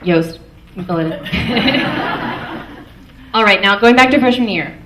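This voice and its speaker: A young Canadian woman, the maid of honor, gives a fond, light toast at a wedding reception hall, chuckling between lines. Her mid-range voice is slow with lively intonation. She's recorded from far off in the echoey hall, with faint noise.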